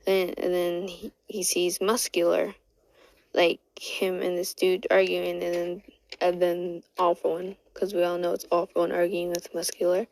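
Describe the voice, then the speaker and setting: A woman's voice: fairly low pitch, vocal fry, darkish tone, dry recording, low-quality recording. A woman casually retelling a fan story, rambling with lots of fillers.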